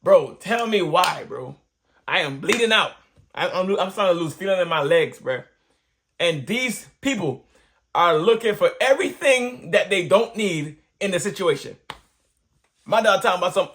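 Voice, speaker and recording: A young man telling a comic storytime, animated and chatty, sprinkling in slang and bursting into shouted exclamations. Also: high-pitched, moderate pace. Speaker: storyteller vlogger.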